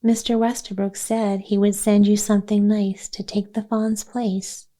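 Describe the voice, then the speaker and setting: A calm, kindly caretaker speaks quietly to comfort the children, as a woman reader puts her on. The voice is warm and mellow, and the words are paced slowly. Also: medium pitch, close to an everyday voice.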